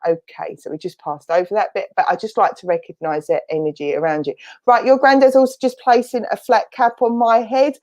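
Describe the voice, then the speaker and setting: A woman's voice: medium pitch, fairly even intonation, fairly quick, hardly any pauses, a little mellow. A woman with an Essex accent, a spiritualist medium giving a chatty spirit reading in an online church service, thinking aloud as she relays messages.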